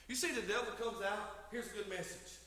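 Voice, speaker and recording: A middle-aged male pastor preaches a folksy, emphatic sermon in a church sanctuary, his high, slightly fast voice sounding pushed and bright as its volume swells and drops. The recording has an echoey hall sound, with the mic placed far off.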